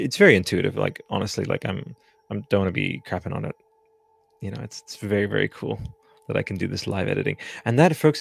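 Gravelly-voiced man, loose and profane. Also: lowish voice, dry recording. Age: 30s. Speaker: podcast host. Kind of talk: casual live-stream chat.

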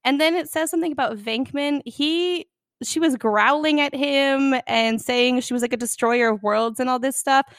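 Chatty young woman, high and dry. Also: normal speed, dry recording. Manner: chatty, animated, acts out quotes. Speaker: podcast co-host. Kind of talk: casual film discussion.

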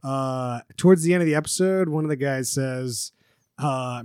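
A man's voice: mid-range voice, moderate pace, smooth, no echo, clean studio sound. A man hosting a casual podcast chat, reading out quotes and joking with his co-hosts. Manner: lively, reading out quotes with a laugh. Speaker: podcast host.

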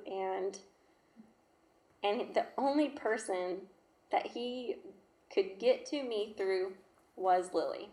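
A woman's voice: medium pitch, a little mellow. Emotional woman in a roomy space. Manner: emotional, halting, heartfelt. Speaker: mother sharing her testimony. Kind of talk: personal storytelling. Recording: roomy echo.

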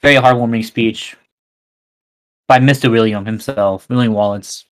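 A man's voice: medium pitch, steady tone, normal speed. A teenage boy co-hosting a school podcast in casual chat, rambling with many repeated restarts. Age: teens. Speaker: podcast co-host.

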